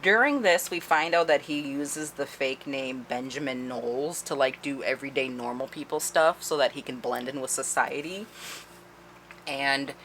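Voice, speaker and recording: Low-voiced, animated woman book vlogger. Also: a little hiss or hum. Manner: animated, profane, heavy use of "like". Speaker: book reviewer. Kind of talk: casual book review vlog.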